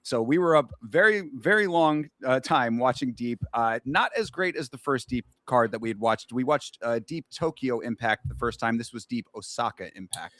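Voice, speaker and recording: A man's voice: mid-range voice, animated, normal speed, few pauses, a bit bright, no echo. A man co-hosting a casual sports talk show, easygoing and steering the conversation. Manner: easygoing, wrapping up and steering topics. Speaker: podcast co-host. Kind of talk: casual chat.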